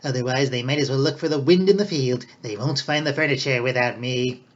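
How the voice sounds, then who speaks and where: A man voicing a greedy, fawning old male record-keeper who talks in a slow, scheming way. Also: mid-range voice, close to an everyday voice. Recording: dull lo-fi recording.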